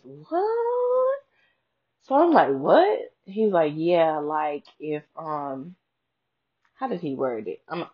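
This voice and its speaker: Low-voiced woman telling her story frankly. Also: husky. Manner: chatty and frank, swears freely, talks straight to listeners. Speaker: podcast host. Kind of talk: casual personal storytelling. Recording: dull lo-fi sound.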